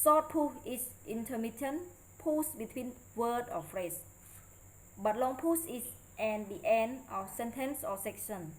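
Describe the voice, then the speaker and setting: A woman's voice: fairly high pitch, low-quality recording. Woman reading a presentation aloud carefully. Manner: careful, halting read-aloud delivery with non-native grammar. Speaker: student presenter. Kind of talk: read presentation lecture.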